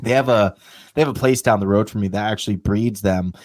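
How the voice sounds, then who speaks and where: A man hosting a casual podcast chat, telling lively stories and swearing casually. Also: on the low side, brisk, no echo. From Vermont, US. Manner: animated storyteller who acts out pets' voices. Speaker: podcast host.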